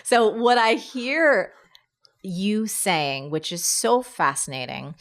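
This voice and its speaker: A woman hosting an interview, enthusiastic and thinking aloud, with frequent fillers as she talks. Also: mid-range voice. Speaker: host. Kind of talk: casual interview conversation.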